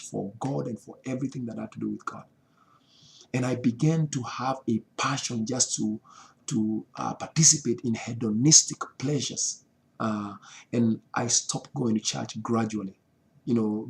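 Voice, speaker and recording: A man's voice: mid-range voice, gravelly, darkish tone. A man in his thirties, a pastor, earnestly recounting a personal testimony in a loose, conversational way.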